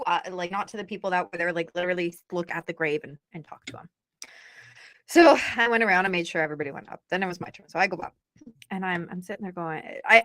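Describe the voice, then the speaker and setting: A woman's voice: lowish voice, fairly bright tone, dry recording. A woman in her thirties, a guest author, telling a personal story in a blunt, emphatic, candid way. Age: 30s.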